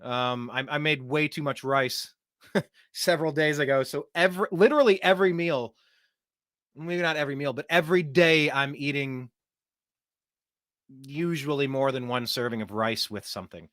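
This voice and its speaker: A man's voice: fairly high pitch, normal speed, fairly bright tone, no echo. Casual man with a dry close sound. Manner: chatty, reads viewer comments aloud. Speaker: host. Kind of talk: casual livestream chat.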